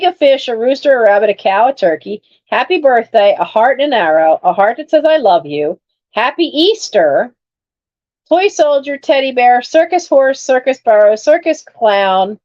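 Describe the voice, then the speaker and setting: An online reseller hosting a live sale chats casually while unboxing collectibles, exclaiming over her finds. Her voice is a little high and a little mellow, and the sound is lo-fi.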